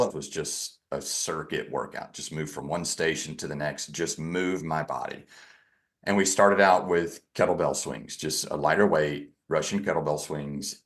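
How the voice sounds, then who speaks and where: Male podcast guest, very low voice; candid storyteller who stumbles and restarts, frank and self-mocking. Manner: halting, with frequent restarts and self-corrections.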